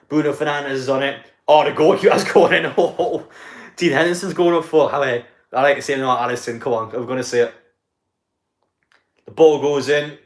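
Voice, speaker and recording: A man's voice: medium pitch, echoey room. Chatty man streaming live football commentary. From North East England. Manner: chatty, swearing, laughing at the match.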